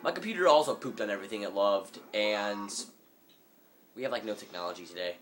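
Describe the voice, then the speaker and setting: A man's voice: on the low side, fairly quick, faint music behind. A man giving rambling, jokey commentary over a video game, sometimes in a mock-businesslike tone, recorded on a phone microphone. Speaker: let's play gamer. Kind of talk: casual gameplay commentary.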